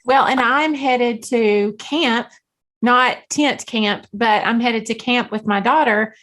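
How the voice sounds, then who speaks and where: A Southern US woman with a slightly high voice, co-hosting a casual podcast. She keeps up friendly back-and-forth with her partner and teases her easily. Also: takes it slowly, a bit bright. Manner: friendly, teasing banter. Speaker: podcast co-host, school counselor. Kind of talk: casual chat.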